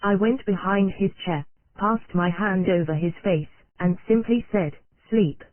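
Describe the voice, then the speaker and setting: An audiobook narrator reading an old nonfiction text in a steady, unvaried way, spelling out abbreviations letter by letter. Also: mid-range voice, unhurried, no echo. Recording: dry, tinny phone-like sound.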